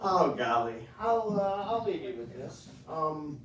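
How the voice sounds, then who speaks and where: A man's voice: fairly high pitch, a little slow, slight background noise. Guy doing standup, storytelling, sounds far off in a roomy club. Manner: animated, jokey storytelling. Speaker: stand-up comedian. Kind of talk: stand-up comedy set. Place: comedy club stage. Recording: echoey room, distant mic.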